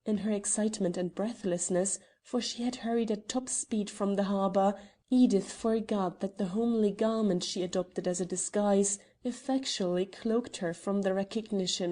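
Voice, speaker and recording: A woman reads a classic mystery audiobook in an even, measured way. Her voice is mellow and warm, set at a middling pitch. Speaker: audiobook narrator. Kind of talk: audiobook narration.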